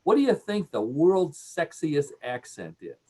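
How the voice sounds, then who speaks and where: A man's voice: fairly high pitch, wildly swooping pitch, a little slow, a little mellow. A man with a Cleveland accent hosting a radio show, joking and laughing at his own jokes. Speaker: radio host. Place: radio studio.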